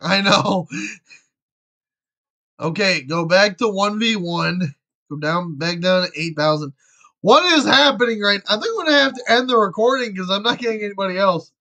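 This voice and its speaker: Bright-voiced man chatting over gameplay. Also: high-pitched, lively intonation, normal speed. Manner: chatty, jokey, swears freely. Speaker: gamer. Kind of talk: casual gameplay commentary.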